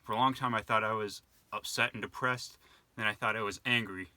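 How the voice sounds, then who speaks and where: Young man, vlog monologue, very bright tone, dry close sound, lowish voice, rambling. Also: fairly even intonation, fairly quick, no room sound. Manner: rambling, reflective, many fillers and restarts. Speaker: vlogger. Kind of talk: casual monologue to camera.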